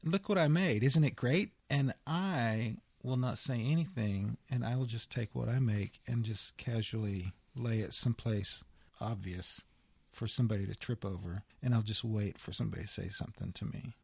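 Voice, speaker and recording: Male podcast co-host, teasing and halting; heavy vocal fry, dry close mic. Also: fairly low pitch, darkish tone, no echo. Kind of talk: casual podcast chat.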